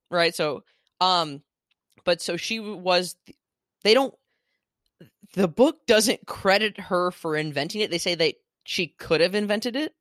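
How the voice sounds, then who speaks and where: A man's voice: high voice, fairly bright tone, no echo, clean studio sound. Rambling man on a remote chat. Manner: rambling, self-deprecating, restarts often. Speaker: podcast co-host. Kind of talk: casual chat on a video call. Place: home, remote.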